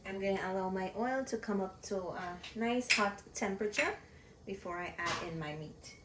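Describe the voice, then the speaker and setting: A woman's voice: mid-range voice, normal speed. A woman hosting a home cooking video in her kitchen, walking viewers through each step of a recipe. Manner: walks viewers through each step, often says "so guys". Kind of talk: cooking tutorial narration. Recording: echoey kitchen with background noise.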